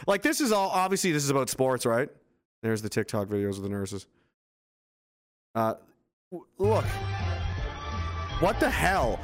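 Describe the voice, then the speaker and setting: A man's voice: medium pitch, very animated, measured pace, long pauses, over music. A man giving a casual, sarcastic running commentary on footage, incredulous and swearing often.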